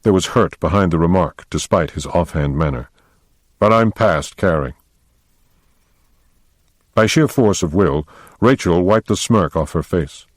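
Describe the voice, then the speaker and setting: Deep-voiced male audiobook narrator. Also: lively intonation, normal speed, no room sound, clean studio sound.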